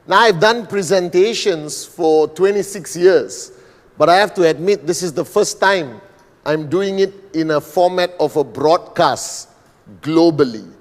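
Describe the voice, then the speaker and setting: Man from Malaysia, middle-aged, business presenter, slow deliberate delivery, slightly raised pitch, long hall reverb. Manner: slow, deliberate, with frequent "all right" and "okay". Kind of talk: motivational sales presentation.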